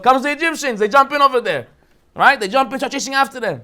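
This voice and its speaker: A rabbi gives a lively lesson on the weekly Torah portion and tells it as a story full of acted-out voices and jokes. His voice sits very high for a man, and he talks at a fast clip. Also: clear, resonant tone. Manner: animated storytelling, acts out quotes, jokes.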